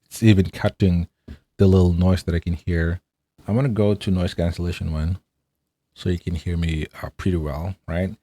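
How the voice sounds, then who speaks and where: A man's voice: deep voice, steady tone, normal speed, mellow. A man casually reviewing an audio mixer, chatty and upbeat, often checking in with "right?". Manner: chatty, enthusiastic, fillers and rhetorical "right?". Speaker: tech reviewer.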